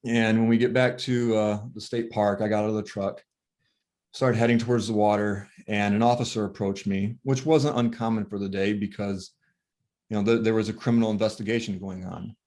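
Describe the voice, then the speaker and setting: A man recounting a painful family story as a father, talking softly and haltingly with many pauses and fillers, sounding worn and tired. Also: lowish voice, fairly even intonation. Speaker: grieving father telling his story. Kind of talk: emotional personal storytelling.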